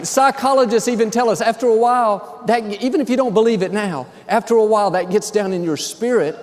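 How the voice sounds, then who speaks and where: A man preaching in an upbeat, encouraging way, with a notably high voice. His words ring with a long reverb from a large church hall. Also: brisk. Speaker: pastor. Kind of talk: conversational sermon.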